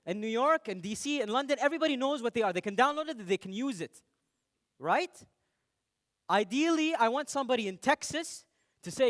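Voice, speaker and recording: Joking and calling out to the crowd, a young Emirati man delivers a talk on stage a little fast. His voice is high with wide pitch swings, and his manner stays lively and playful the whole way.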